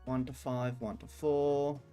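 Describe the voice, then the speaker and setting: A man streams a video game at an unhurried pace, talking to his viewers and reading the on-screen dialogue aloud. His voice sits at an ordinary middle pitch, with soft game music playing faintly behind him. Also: flat delivery, smooth.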